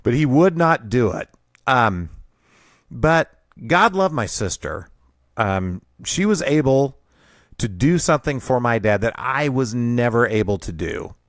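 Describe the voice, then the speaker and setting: A man in his fifties tells a rambling, self-deprecating story about his family, chuckling as he goes. His voice sits at an ordinary middle pitch. He is recorded close and dry, with no room sound. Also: dry recording. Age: 50s. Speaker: podcast host. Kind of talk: personal storytelling monologue.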